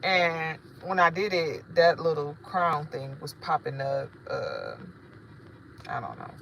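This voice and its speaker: A woman's voice: low voice, very animated, slow, gravelly, a bit bright, slight background noise, poor audio. A woman, rambling casually and profanely to her livestream viewers as a spiritual shop owner. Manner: rambling, chatty, profane, addresses viewers directly.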